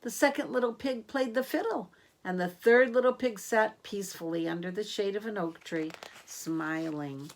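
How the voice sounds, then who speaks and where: A woman reading a storybook aloud to children, gentle and asking the listener questions. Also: medium pitch, vocal fry, a little hiss or hum.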